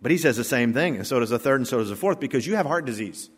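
A man preaches a sermon from a church pulpit, pressing his points hard and slipping in dry jokes. His voice sits at an ordinary male pitch. A long hall reverb trails after each phrase. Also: animated, rapid-fire, breathy edge. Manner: emphatic preaching with joking asides. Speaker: pastor.

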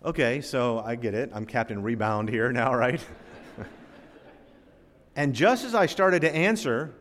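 A man from Florida preaches to his congregation in a relaxed, storytelling way and speaks to them directly. His voice sits at an ordinary middle pitch for a man. Each line rings out in the long reverb of a church sanctuary. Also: a little slow. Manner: folksy and conversational, addresses the congregation directly. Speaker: pastor. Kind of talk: storytelling sermon.

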